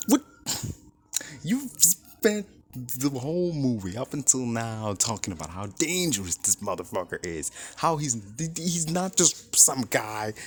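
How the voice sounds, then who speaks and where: A man giving a casual, profane movie review, ranting in an exasperated way and acting out what the characters say. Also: medium pitch. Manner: animated, profane, exasperated rant with acted-out quotes.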